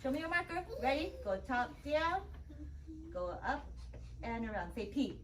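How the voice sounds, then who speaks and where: A young female kindergarten teacher with a high, bouncing voice, cheering the kids on and stretching out letter sounds. She is caught from across the classroom, sounding distant. Loud room noise runs under her the whole time. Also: very animated. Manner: upbeat, encouraging, sounding out letters slowly. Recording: distant, noisy classroom recording.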